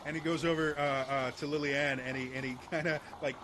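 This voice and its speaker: A man narrating as game master in a laid-back, halting way. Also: a little high, steady tone, very noisy.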